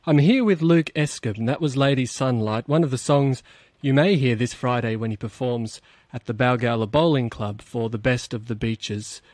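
A man, a radio host interviewing a guest in a friendly, slightly halting way. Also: mid-range voice, darkish tone, no echo. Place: radio studio.

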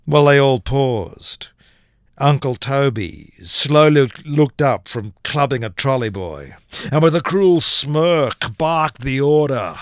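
A man's voice: medium pitch, lively intonation, slow, no echo, studio quality. A man, a poet, performing his comic poem with a theatrical delivery and big dramatic swings in his voice. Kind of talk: performance poetry reading.

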